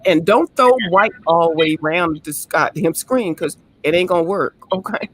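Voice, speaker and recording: A woman's voice: fairly low pitch, moderate pace, no echo. A woman from the Washington DC area calling in to a live stream, blunt, profane and scolding. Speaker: caller. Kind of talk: casual call-in chat.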